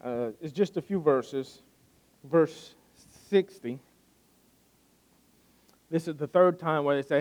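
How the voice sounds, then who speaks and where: A man's voice: on the high side, slow pace, long pauses, darkish tone. A man preaching a sermon, retelling a scripture story in a conversational way and often restarting with repeated words.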